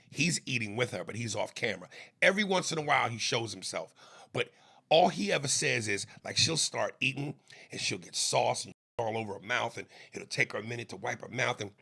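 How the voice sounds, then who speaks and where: Raspy man on a podcast going off on a comedy rant, gravelly and bright, animated. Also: mid-range voice. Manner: animated, slips into mocking impressions. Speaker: podcast co-host.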